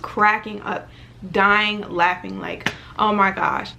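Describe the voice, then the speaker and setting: Twenties woman vlogger, casual storytime, gravelly fry, lively filler-heavy delivery, faint noise. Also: mid-range voice, slow pace. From Virginia, US. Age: 20s. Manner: animated storytelling with lots of fillers.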